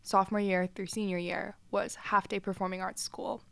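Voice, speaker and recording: A woman's voice: medium pitch, level tone, moderate pace, creaky, a bit bright, no echo. A young woman from South Carolina co-hosting a podcast, chatting casually and laughing easily. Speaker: podcast co-host. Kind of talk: casual chat.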